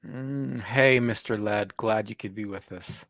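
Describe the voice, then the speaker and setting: A man's voice: on the low side, measured pace, vocal fry, dry recording. Self-deprecating man, dry close sound. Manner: warm, self-deprecating, lots of short agreeing replies. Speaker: co-host of live stream. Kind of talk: casual live-stream chat.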